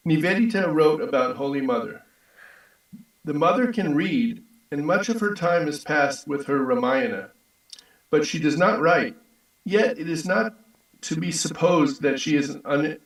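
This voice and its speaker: Gravelly man reading in an echoey room. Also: on the high side, recorded from a distance. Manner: steady, measured reading. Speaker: reader. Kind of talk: reading a text aloud.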